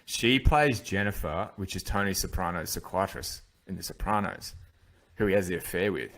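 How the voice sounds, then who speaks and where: A man's voice: low voice, expressive, moderate pace, fairly bright tone. A man hosting a podcast, reviewing a film in loose, rambling casual chat with lots of restarts. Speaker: podcast host.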